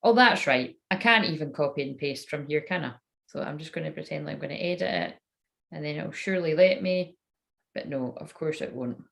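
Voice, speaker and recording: With a deep, gravelly voice that's animated and a bit bright, a woman chats fairly quickly through a casual live-stream tarot reading. She swears freely, makes fun of herself, and mutters under her breath as she fiddles with her phone.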